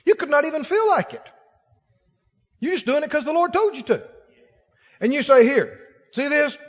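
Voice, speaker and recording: High lively guy preaching a sermon, does little voices for people, big echoey church hall. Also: moderate pace. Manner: animated preaching, acts out quoted voices. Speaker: pastor.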